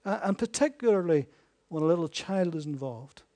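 A man preaching a sermon, asking his listeners rhetorical questions and swinging between hushed and emphatic delivery. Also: fairly high pitch, animated, normal speed.

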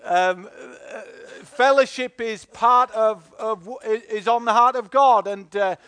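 A man's voice: sits high, a little slow, a bit bright. A man with a Northern English accent preaching a Pentecostal-style sermon, exhorting the congregation with frequent fillers and call-and-response prompts. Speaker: pastor.

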